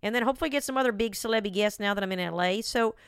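A woman podcast host talks in a loose, rambling comic monologue and keeps stopping to laugh at herself. Her voice is smooth and clear, at a middle pitch, recorded close on a dry mic with no room behind it. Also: rapid-fire, dry recording. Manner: chatty, self-mocking, wry asides.

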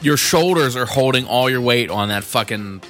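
A man's voice: medium pitch, moderate pace, fairly bright tone, soft background music. A man in his twenties co-hosting a casual podcast, blunt and profane, exaggerating his stories for laughs. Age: 20s. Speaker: podcast co-host.

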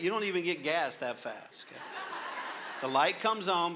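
A man's voice: on the high side, a little fast, noisy background. A male pastor preaching a sermon with humorous stories, jokey and laughing through his lines.

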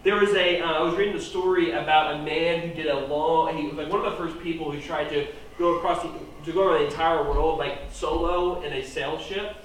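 A man preaching a sermon, animated, swinging his volume up and down for emphasis. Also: a little high, fairly quick, few pauses, a little hiss or hum. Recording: very echoey room, voice from far off.

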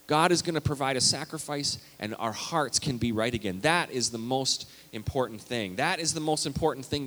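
A male pastor preaching a sermon, animated and emphatic, reading scripture aloud with big swings in loudness. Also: medium pitch. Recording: long hall reverb.

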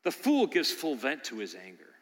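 An older man preaching a sermon as pastor, telling a story that builds to loud, animated bursts. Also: medium pitch, normal speed. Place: church sanctuary. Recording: long church hall reverb.

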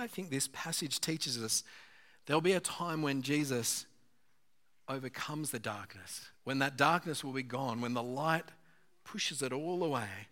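A man's voice: mid-range voice, a bit bright. A man, a pastor, giving an earnest, conversational sermon with occasional fillers.

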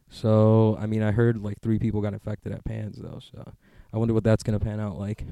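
A man's voice: on the low side, gravelly, dark tone, no echo, clean studio sound. A man talking in a casual, rambling monologue, swearing often and joking as he goes.

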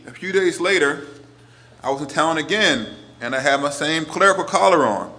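A priest in his forties preaching a sermon, earnest, moving between emphatic lines and hushed ones. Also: fairly high pitch, expressive, normal speed.

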